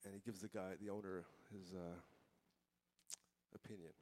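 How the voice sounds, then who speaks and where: A man telling a long joke on stage at a live music gig, in a deadpan, unhurried way, through a stage microphone. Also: low voice. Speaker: joke teller at a band gig.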